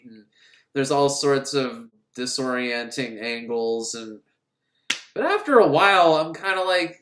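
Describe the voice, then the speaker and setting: A man giving a casual, sarcastic film recap, acting out scenes as he goes. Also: medium pitch. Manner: sarcastic, animated, acts out scenes. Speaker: film reviewer. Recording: roomy echo.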